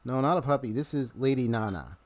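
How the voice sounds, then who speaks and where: A man's voice: medium pitch, expressive, brisk, lightly acted. A man reading aloud the lines of a cheerful little girl who hosts a party, in his plain voice and stumbling now and then. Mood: chatty.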